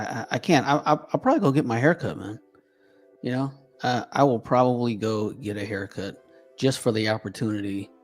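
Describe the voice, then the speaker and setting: A man commentator chatting casually with amused, ironic asides. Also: fairly low pitch. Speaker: social media commentator. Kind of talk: casual opinion chat.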